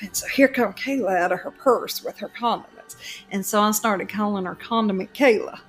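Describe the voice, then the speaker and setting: A woman with a Southern US accent spins a rambling, animated story for her co-host, leaning on fillers and breaking into laughter. Her pitch sits in the middle range, and faint music plays underneath. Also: moderate pace. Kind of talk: casual storytelling chat.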